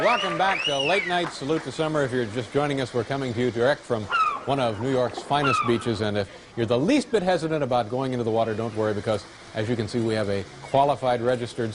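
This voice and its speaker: A man hosting a late-night comedy sketch, playing a flustered, fatherly scolder. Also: medium pitch. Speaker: talk show host. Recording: noisy TV broadcast with loud studio audience.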